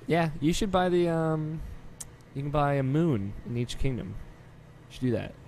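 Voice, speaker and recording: A man's voice: a little high, animated, moderate pace, a little mellow, slight background noise. A man co-hosting a casual gaming podcast, upbeat and teasing, swearing casually. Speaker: podcast co-host.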